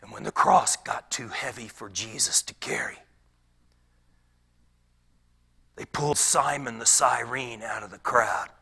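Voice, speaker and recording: A pastor playing a former rebel turned peaceful wood carver in a dramatic monologue, his gravelly voice often sinking to a whisper. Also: medium pitch, moderate pace, heavily acted. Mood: sorrowful. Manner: storytelling that swings from hushed whispers to loud outbursts.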